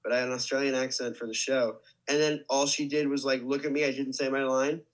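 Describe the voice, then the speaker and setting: A man's voice: medium pitch, flat delivery, fast, poor audio. A young man, an actor, telling a story casually with lots of restarts and "like". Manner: rambling, many restarts and likes. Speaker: actor guest.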